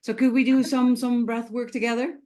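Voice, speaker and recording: A woman hosting an interview, speaking in a gentle, encouraging way. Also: fairly high pitch, level tone, a little fast. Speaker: host. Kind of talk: conversational interview.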